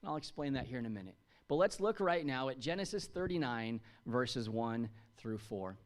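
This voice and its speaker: A man's voice: medium pitch, animated, moderate pace. A man in his thirties from the United States preaching a sermon to a congregation in a chatty, jokey way, asking them questions. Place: church.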